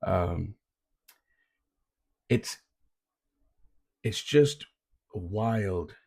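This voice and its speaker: A man with a low, gravelly voice tells stories in an easygoing, heartfelt way. His tone is husky, and he slips "man" into his sentences. He sounds like a youth coach hosting his own podcast. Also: fairly even intonation, a little slow, a little mellow. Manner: laid-back, says "man" often, earnest. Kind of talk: casual reflective storytelling.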